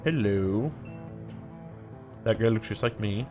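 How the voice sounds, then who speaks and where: Low-voiced man commenting on a game. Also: slow, over music. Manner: casual, hesitant, with many fillers. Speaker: let's play host. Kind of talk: gameplay commentary.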